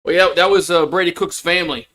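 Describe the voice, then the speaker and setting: A man's voice: high voice, steady tone, fast, sharp tone. A man doing casual live play-by-play of a football game as a fan streamer, frustrated, swearing and repeating himself.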